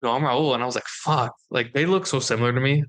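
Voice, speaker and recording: A young man with a bright, forceful voice, chatting casually on a podcast. He tells stories with animation and slips into the voices of the people he quotes. His voice sits at an ordinary pitch for a man. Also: fast. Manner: animated storyteller acting out quoted dialogue. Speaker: podcast co-host. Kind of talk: casual chat.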